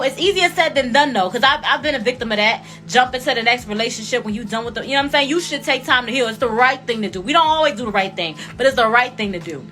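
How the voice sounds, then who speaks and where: Woman, late twenties, host; casual reaction commentary, bright and high, hammers her points home. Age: 20s. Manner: emphatic, repeats points for effect.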